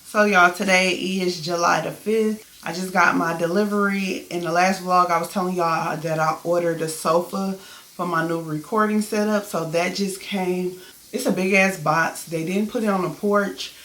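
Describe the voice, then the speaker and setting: A woman's voice: lowish voice, fairly even intonation, moderate pace, a bit bright. A woman vlogger chatting casually to camera, frank and talkative, calling her viewers y'all and swearing freely, over a noisy background. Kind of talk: casual vlog chat to camera.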